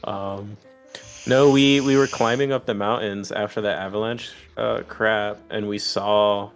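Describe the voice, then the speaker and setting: A young man playing a tabletop game, rambling excitably and swearing in casual chat. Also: fairly low pitch, a little slow, faint music behind. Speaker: player.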